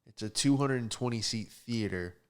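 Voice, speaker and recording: A young male comedian hosting his own podcast, talking through a stand-up style monologue. He rants with plenty of sarcasm and lands jokes in a casual, mid-pitched voice. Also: moderate pace, clean tone. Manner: sarcastic, ranting.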